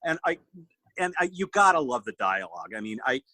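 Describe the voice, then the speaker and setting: A man hosting a podcast, riffing on a movie in an animated, swearing, casual chat. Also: medium pitch, fairly quick, dry recording, low-quality recording. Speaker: podcast host.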